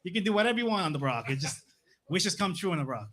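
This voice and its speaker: A man's voice: high-pitched, big pitch swings, fast talker, a bit bright. A young man from Massachusetts doing a stand-up comedy set on a club stage, laid-back and tagging his lines with "man" and "right?". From Plymouth, Massachusetts.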